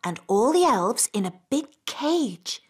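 Elf mum, storybook delivery, slow, lively pitch, music behind. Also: female voice, a little hiss or hum. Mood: storytelling. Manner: storytelling, playful sound effects. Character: gentle elf mother telling a bedtime story. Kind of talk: cartoon voice acting.

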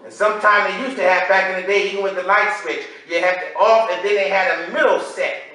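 A woman preaching a sermon, repeating phrases and rising to shouts in call-and-response style. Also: medium pitch, fairly even intonation, brisk. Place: church sanctuary. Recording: echoey hall, voice far from mic.

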